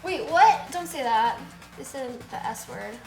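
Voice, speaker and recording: Woman, host, casual stream chat, jokey, excitable, roomy room, music behind. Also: high voice, a little slow. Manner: excitable and jokey, laughs often. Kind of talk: casual chat on a livestream show. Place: studio.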